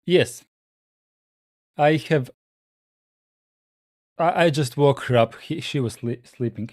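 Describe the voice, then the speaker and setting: A man hosting a casual livestream at home. He reads viewer comments aloud in relaxed, halting English with frequent pauses. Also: medium pitch, dry recording, clean studio sound. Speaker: livestream host.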